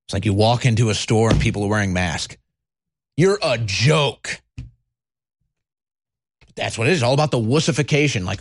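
A man hosting a political talk show, ranting in a combative, mocking way and swearing freely. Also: mid-range voice. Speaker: political commentary host. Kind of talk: angry political rant.

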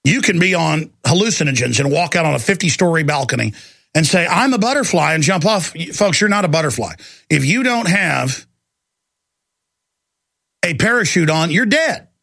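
A man delivers an urgent talk radio monologue in a high, gravelly voice. He talks with tense force and stumbles into restarts and repeated words. The recording is close and dry. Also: animated, moderate pace, pauses often, a bit bright, dry recording. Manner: ranting, urgent, with stammered restarts and repetition.

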